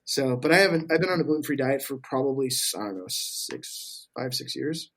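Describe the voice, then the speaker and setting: A man telling stories in casual podcast chat, profane and animated, acting out what others said. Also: mid-range voice, a little fast. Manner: profane, animated storyteller, acts out quotes. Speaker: podcast guest.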